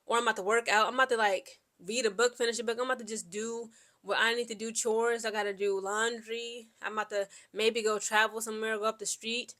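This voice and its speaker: A woman with a fairly high voice speaks a little fast as she tells casual personal stories. An Air Force veteran vlogger from Central Ohio, she's chatty and rambling, peppering in "like" and "okay?" and quoting people in lively back-and-forth.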